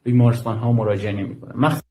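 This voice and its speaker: A man who works with an aid group gives testimony in an interview. His voice is dark and mellow, and he speaks very fast. His delivery is formal, broken up by fillers. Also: fairly low pitch, little pitch movement, slight background noise. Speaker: guest, aid worker.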